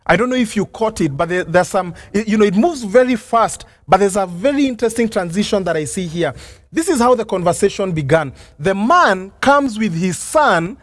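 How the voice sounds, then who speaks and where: A pastor preaching a sermon, earnest and reflective, asking rhetorical questions and sometimes stumbling over restarts. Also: male voice, high voice, lively intonation, normal speed, no room sound, studio quality. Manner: hesitant restarts and fillers.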